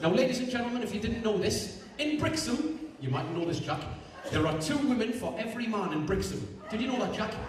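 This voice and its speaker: A Geordie man doing stand-up, his voice sitting a little high as he banters with the crowd between punchlines. He is captured from a distance in a big, echoing hall. Clear audience noise fills the room around him. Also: lively intonation. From Newcastle, England. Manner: quick one-liners, chatty banter with the audience. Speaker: stand-up comedian. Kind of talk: stand-up comedy set. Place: live venue with audience. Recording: echoey hall, mic far, audience noise.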